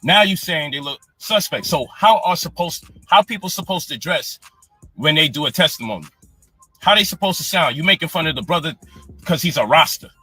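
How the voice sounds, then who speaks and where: A man's voice: a little high, expressive, a little fast, pushed and bright, slightly rough, no echo, soft background music. A man in a heated, profane live-stream rant, angry and exasperated. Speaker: online personality defending his program.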